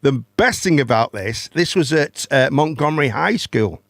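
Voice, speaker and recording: A man's voice: medium pitch, lively intonation, normal speed, a bit bright, dry recording, clean studio sound. A man, hosting a casual chat and telling a long story, rambling, swearing and repeating words. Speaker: host.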